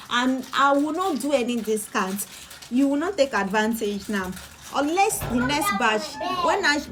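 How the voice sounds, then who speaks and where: A woman's voice: a little high, a little hiss or hum. A woman, a bag-making instructor giving a live-streamed sewing tutorial, chatty and repeating phrases for emphasis. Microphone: phone or camera on a live video.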